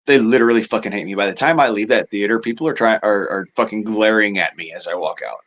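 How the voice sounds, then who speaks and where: A man's voice: fairly low pitch, fast, fairly bright tone, dull audio. A man ranting casually and profanely to his audience, exasperated and often laughing at himself. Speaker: show host.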